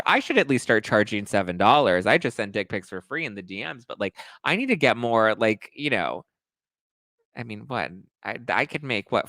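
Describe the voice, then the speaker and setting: Campy gossiping man, smooth and dry. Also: on the low side, fairly bright tone, no room sound. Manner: campy, sassy, acts out catty impressions. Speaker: pop culture podcast host. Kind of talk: gossipy reality TV recap.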